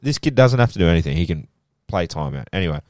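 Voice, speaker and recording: Deep-voiced Australian young man, animated. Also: quick pace, no room sound, studio quality. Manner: animated storytelling, heavy swearing. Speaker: podcast co-host. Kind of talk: casual chat.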